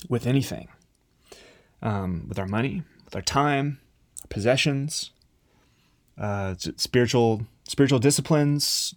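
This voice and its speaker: Male preacher, middle pitch, plain-spoken conversational sermon, dry close recording. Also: no room sound.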